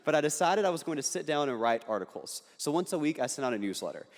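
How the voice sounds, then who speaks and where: A man's voice: a little high, sing-song, fast. A young man giving an earnest, punchy speech to an audience, with occasional jokes. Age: young adult. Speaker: political speaker. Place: large hall on a university campus. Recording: hall reverb.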